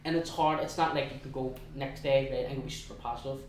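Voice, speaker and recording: A young man with a Belfast accent tells his story in a chatty, halting way, often restarting and slipping into quoted asides. His voice sits at an ordinary middle pitch. It is heard from a distance in a very echoey room. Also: steady tone, a little hiss or hum. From West Belfast, Northern Ireland. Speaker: guest. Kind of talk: casual storytelling interview.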